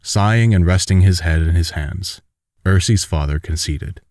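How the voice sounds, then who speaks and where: Deep-voiced man narrating an audiobook. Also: moderate pace, darkish tone, dry recording, clean studio sound.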